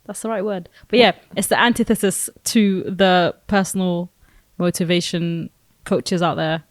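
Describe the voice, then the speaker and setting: A woman co-hosting a podcast, chatting casually with quick back-and-forth and playful teasing. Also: lowish voice, steady tone, dry recording. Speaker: podcast co-host. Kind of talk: casual chat.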